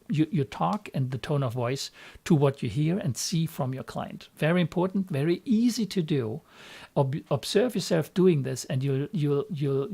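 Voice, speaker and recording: A man's voice: on the high side, gravelly, darkish tone. A man coaching other coaches in an instructional live stream, talking earnestly and often repeating words as he restarts. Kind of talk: instructional talk.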